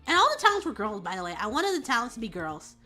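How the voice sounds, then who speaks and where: A woman streamer chatting casually and telling a story in an animated, rambling way. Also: fairly high pitch, fast, soft background music. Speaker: VTuber streamer.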